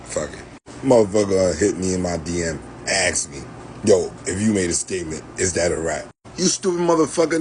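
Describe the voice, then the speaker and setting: A man's voice: mid-range voice, slight background noise. Blunt, scornful man ranting. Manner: blunt, scornful, heavy swearing. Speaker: commentator on legal rights. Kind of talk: profane rant to camera.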